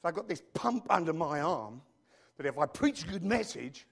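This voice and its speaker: Lively, animated male pastor preaching. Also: fairly high pitch, moderate pace, vocal fry, slightly rough. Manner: animated, joking preaching with audience asides. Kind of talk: sermon.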